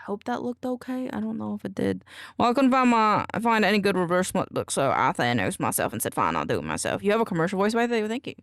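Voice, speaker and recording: Goofy, lively woman streamer chatting. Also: mid-range voice, quick pace, no room sound, clean studio sound. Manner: goofy, playful, teasing chat. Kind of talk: casual live-stream chat. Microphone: desk microphone.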